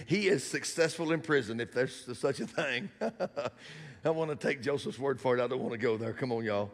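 Animated preacher in a big echoing hall. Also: male voice, mid-range voice, moderate pace. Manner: animated, building to shouts. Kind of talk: sermon.

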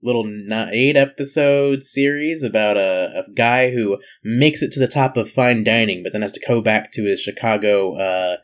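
A man's voice: on the low side, moderate pace, few pauses. A man co-hosting a podcast, joking and laughing in casual chat. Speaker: podcast co-host.

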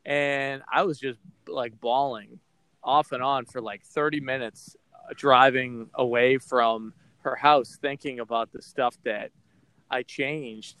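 A man's voice: mid-range voice, steady tone, takes it slowly, a bit bright, clear, resonant tone, no echo. A man from Boston hosting a podcast, talking candidly and rambling with lots of fillers. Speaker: podcast host. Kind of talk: casual podcast chat.

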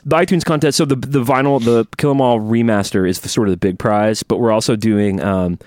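A man's voice: medium pitch, fairly even intonation, brisk, a little mellow. A man co-hosting a podcast in casual chat, rambling and joking, recovering from a tooth extraction. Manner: rambling, joking, self-interrupting. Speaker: podcast co-host.

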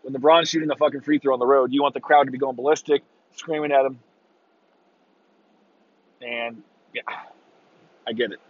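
A husky-voiced man rants in a loose, profane, exasperated way, now and then jumping into shouted mocking impressions. His voice sits at an ordinary middle pitch. The recording is dry and a little muffled. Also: fairly even intonation, moderate pace, pauses often, no echo. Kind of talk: casual rant.

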